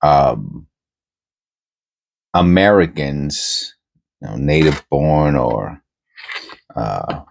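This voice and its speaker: Very deep-voiced man with a New York accent. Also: expressive, vocal fry. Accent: New York, softened toward Pennsylvania. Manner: unhurried, meandering, many filler pauses. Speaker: coin roll hunting host. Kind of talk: casual rambling chat while searching coins.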